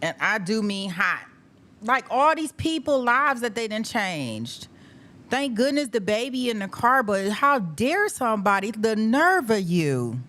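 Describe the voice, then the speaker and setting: A woman's voice: fairly high pitch, sing-song, measured pace, a bit bright. Emphatic, exasperated woman host ranting. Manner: emphatic, exasperated, repeats "how dare you", swears. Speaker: host of live trial coverage. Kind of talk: heated casual rant.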